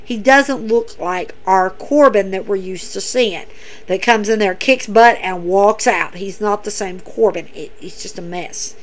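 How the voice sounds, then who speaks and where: A woman's voice: mid-range voice, a little slow. A woman hosting a podcast, recapping in a casual, chatty way, emphatic and repeating herself as she talks to her listeners. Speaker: podcast host.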